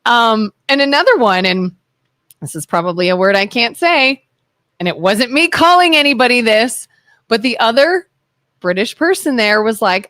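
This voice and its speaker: A woman co-hosting a casual talk radio show, telling stories in a chatty way and chiming in with quick agreement. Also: a little high, expressive, a bit bright, no room sound, studio quality. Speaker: co-host. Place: radio studio.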